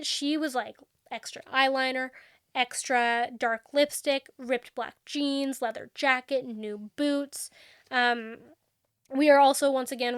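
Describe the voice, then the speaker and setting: A young adult woman co-hosting a book podcast, retelling a novel's plot in casual chat and acting out the characters' lines in quick quotes. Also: high-pitched, clean tone, no room sound, studio quality. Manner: animated storyteller, acts out dialogue with quick quotes.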